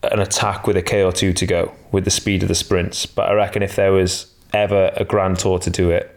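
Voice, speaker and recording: Deep male co-host, enthusiastic, opinionated, casual. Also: little pitch movement, fairly quick. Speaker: podcast co-host. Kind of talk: casual sports chat.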